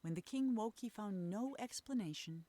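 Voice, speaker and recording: A woman narrating a game's fairy tale in a soft, measured storytelling voice over faint background noise. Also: medium pitch, animated, lightly acted. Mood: wistful. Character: calm female storybook narrator, gentle and wistful. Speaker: game narrator.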